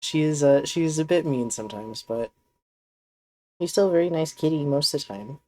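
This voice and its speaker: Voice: mid-range voice, moderate pace, mellow, slight background noise. Chatty streamer talking to a cat. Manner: chatty, rambling, talks fondly to a pet cat. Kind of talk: casual live game stream chat.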